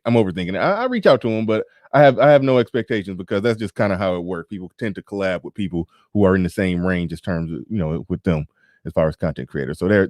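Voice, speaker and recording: On a dry, studio-quality recording, a man with a fairly low, darkish voice hosts a casual livestream. He reads viewer super chats while talking bluntly and profanely, laughing and tossing in sarcastic asides.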